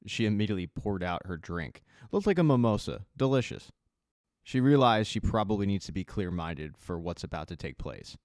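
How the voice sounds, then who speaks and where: Deep-voiced man recapping a show. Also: dry recording, studio quality. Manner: conversational storytelling with quick asides. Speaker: recap host. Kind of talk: casual recap narration.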